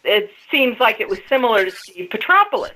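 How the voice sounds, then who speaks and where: Woman on a radio chat telling her story bit by bit, bright tense voice. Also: a little high, very animated, brisk, poor audio. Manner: storytelling, recounting events step by step. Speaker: guest. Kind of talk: casual radio interview.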